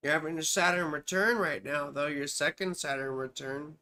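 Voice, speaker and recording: A woman's voice: low-pitched, normal speed, pushed and bright. A woman astrologer giving a live chart reading. She talks in a rambling way, drifts into asides, and calls the viewer sweetheart and baby.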